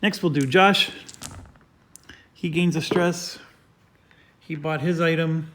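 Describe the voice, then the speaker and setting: Man, host, board game playthrough, step-by-step explaining, many fillers, slightly high voice. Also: fairly even intonation, takes it slowly, noisy background.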